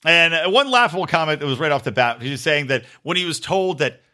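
A man hosting his own podcast, ranting through a political commentary monologue with a sarcastic edge and casual swearing. His voice sits fairly high and bright. It swings up and down all the time. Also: animated, fairly quick. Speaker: podcast host.

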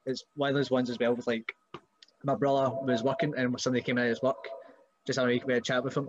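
A man's voice: medium pitch, fast talker, dull audio, a little hiss or hum. A man with a Scottish accent, a wrestler guest in a casual chat, telling stories and putting on voices. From Scotland. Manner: animated storyteller, puts on voices.

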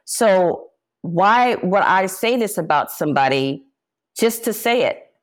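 A woman's voice: mid-range voice, lively intonation, takes it slowly. A woman, a jazz singer, speaking as an interview guest and candidly recounting personal events with emphatic, impassioned delivery.

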